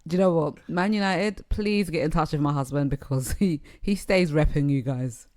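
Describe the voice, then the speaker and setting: A woman's voice: low voice, moderate pace, darkish tone. A woman co-hosting a casual podcast, playful and laughing often as she guesses scores. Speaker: podcast co-host, football learner. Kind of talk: casual chat.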